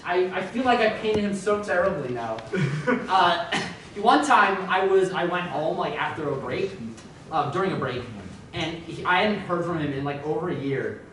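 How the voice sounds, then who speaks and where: A man's voice: on the high side, lively intonation, normal speed, fairly bright tone. A young man telling a comic monologue about a friend, hesitant and laughing at himself. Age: young adult. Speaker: improv performer. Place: stage in a university hall. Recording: echoey hall from far off with noise.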